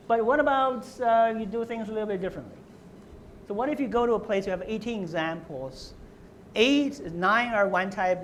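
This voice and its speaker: A man's voice: high-pitched, slight background noise, poor audio. A man giving a university lecture who explains step by step, often checking in with "right?" and restarting his words. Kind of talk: academic lecture.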